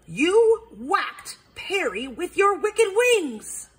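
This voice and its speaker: Reading a storybook aloud, a woman voices an eager, self-important male owl detective in a full character voice pitched well above her own. The voice is very high, fairly bright and very animated, yet extremely slow, with dramatic, sing-song exclamations and a dramatic mood overall.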